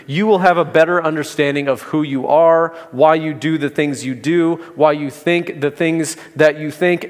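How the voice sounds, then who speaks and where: Male pastor, sermon, conversational with light humor, fairly high voice, church sanctuary reverb. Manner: conversational preaching with gentle humor.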